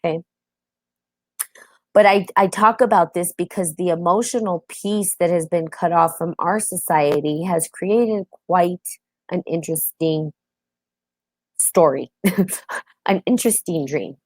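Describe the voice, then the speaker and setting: A woman's voice: fairly low pitch, measured pace, pauses often, no room sound. Chatty woman hosting a live stream. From United States. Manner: open, chatty, greets viewers by name. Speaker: host. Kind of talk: casual live-stream talk.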